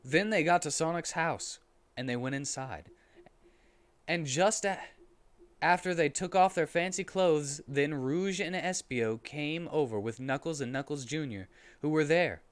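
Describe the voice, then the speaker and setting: A man who streams, giving a deadpan, comedic dramatic reading of a story in a storybook narrating voice. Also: fairly high pitch.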